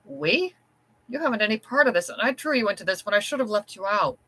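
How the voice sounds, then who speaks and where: A reader voicing a frightened, gentle young wife in an audiobook story, pleading. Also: mid-range voice, lively intonation, fast talker, pitched above the performer's own voice, rough recording. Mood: tearful.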